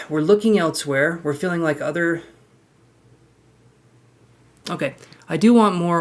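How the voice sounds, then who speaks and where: A tarot reader giving a casual live-streamed reading, chatty and talking straight to the viewer with frank asides. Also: medium pitch.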